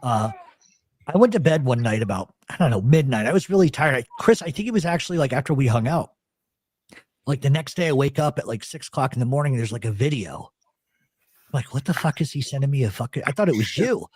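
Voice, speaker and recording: A man's voice: medium pitch, a little fast, husky, no room sound. Philly guy ranting a crazy story, swears nonstop, dry close sound. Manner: animated, swears a lot. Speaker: radio show host. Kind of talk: profane casual storytelling.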